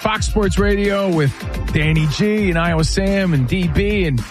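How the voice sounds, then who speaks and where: A man's voice: sits high, a little slow, music in the background. A man in his thirties hosting sports talk radio, telling gossip with suspenseful build-ups and reading ads live on a studio mic.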